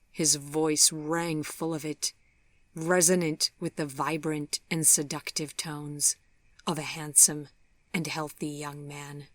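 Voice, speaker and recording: A woman narrating a storybook in a measured, softly dramatic way, sometimes dropping to a whisper. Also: low voice, dry recording. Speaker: audiobook narrator.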